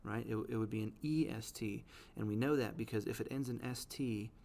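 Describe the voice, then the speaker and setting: Gravelly-voiced man explaining poetry. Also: on the low side, warm tone. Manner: explanatory, reads quoted verse slowly, frequent "right?" checks. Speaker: teacher.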